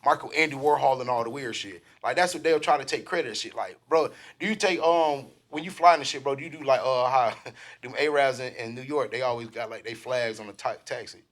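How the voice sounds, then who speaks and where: A man hosting a casual podcast, loud, profane joking banter on a close studio mic. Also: medium pitch, fairly quick. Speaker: podcast host.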